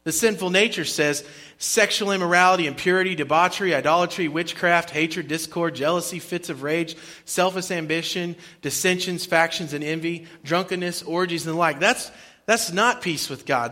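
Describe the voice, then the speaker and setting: A man preaching a sermon as pastor, with emphatic, rhythmic repetition and sudden drops into quiet asides. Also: on the high side, normal speed. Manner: emphatic preaching, rising and dropping volume for effect; repeats phrases in a rhythmic cadence.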